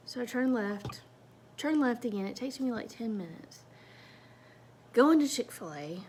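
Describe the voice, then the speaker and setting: A woman's voice: fairly high pitch, animated, normal speed, breathy edge. A woman telling a personal story in a casual, chatty, self-mocking way.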